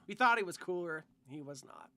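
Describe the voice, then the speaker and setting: A man's voice: high-pitched, lively intonation, fairly quick, bright, forceful tone. A man hosting a casual podcast, reading viewer comments aloud with crude, joking asides. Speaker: podcast host reading chat. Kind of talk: casual chat.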